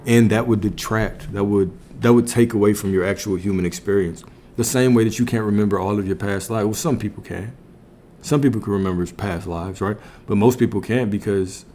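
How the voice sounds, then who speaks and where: Man, lowish voice, reflective livestream teacher, faint room hum behind. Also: mellow. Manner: reflective, repeats phrases, asks listeners questions. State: a little out of breath. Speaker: spiritual coach streaming to viewers.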